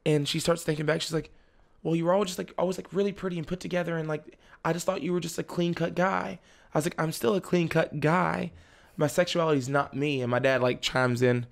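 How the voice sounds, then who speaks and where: A young man chats casually as a podcast guest, telling a story about his family with plenty of laughter. His voice sits a bit high and has a gravelly rasp. He often slips into the voices of his relatives as he tells it. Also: steady tone, fast.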